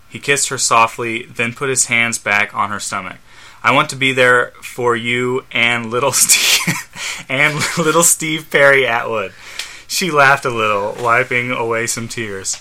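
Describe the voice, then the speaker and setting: A man's voice: medium pitch, sharp tone. Man reading fanfic aloud, stumbling. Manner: halting, stumbling reader who laughs at the text. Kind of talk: casual podcast reading aloud. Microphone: studio microphone.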